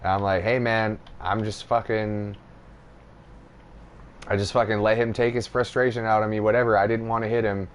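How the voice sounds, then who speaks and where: A man's voice: on the low side, flat delivery, moderate pace, slight background noise. Profane, rambling young man telling a story. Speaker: podcast host. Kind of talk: casual storytelling chat.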